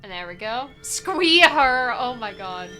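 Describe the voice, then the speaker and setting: She speaks slowly in a fairly high, sing-song, sharp voice. A young woman streaming a randomized adventure game, she keeps up casual, rambling commentary peppered with "like."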